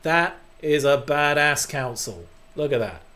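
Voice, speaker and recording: A man's voice: fairly high pitch, lively intonation, measured pace, sharp tone. A man hosting a gaming channel, giving casual playthrough commentary while mocking himself and swearing freely. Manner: self-deprecating, swears freely.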